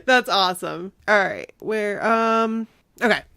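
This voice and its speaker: A woman's voice: medium pitch, lively intonation, slow, fairly bright tone, clear, resonant tone, dry recording, studio quality. A woman hosting a casual fan podcast, chatting candidly and reading listener stories aloud. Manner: chatty, candid, laughs easily. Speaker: podcast host.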